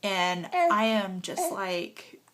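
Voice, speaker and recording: Speaking very slowly at medium pitch, with big swings in pitch and a fairly bright tone, a young woman recounts giving birth as she nurses her baby for a home vlog. She rambles with many fillers, getting emotional and sometimes tearful.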